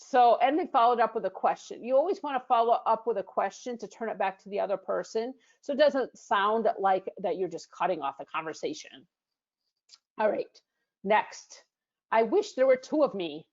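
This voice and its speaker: A woman's voice: medium pitch, animated, moderate pace, darkish tone, dull audio. An American woman coaching business English in a screen-share lesson, explaining with frequent fillers and restarts. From United States.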